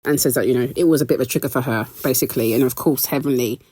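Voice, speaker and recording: A British woman hosting a casual, gossipy recap of a reality show, animated and quick to laugh. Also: breathy edge, no room sound. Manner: animated, laughing, expressive pitch jumps.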